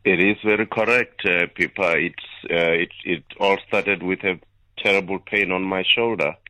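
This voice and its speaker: Man in his 50s, radio guest, low bright voice, halting delivery. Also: fairly even intonation, dry recording, rough recording. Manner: hesitant, with many fillers. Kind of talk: phone-in interview.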